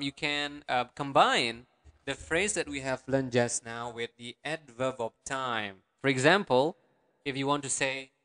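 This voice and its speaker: A man teaching an online language lesson, patiently repeating words slowly and syllable by syllable. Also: mid-range voice, pushed and bright, clean tone.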